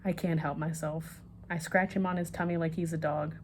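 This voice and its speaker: A woman reading a children's bedtime story aloud in an expressive, lively way. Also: sits low, moderate pace, a little hiss or hum.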